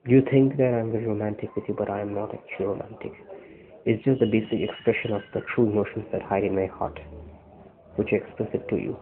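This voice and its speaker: Man, tender halting love message, slightly low voice, phone-like sound. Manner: tender, earnest, halting with restarts. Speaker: boyfriend recording a love message. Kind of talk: personal video message. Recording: tinny phone-like audio.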